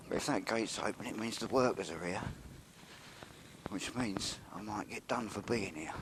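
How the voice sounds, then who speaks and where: Speaking at a moderate pace in a lowish voice and pausing often, a vlogger films himself walking by a railway yard. He's chatty and wry, muttering when he sneaks around, in a noisy outdoor recording.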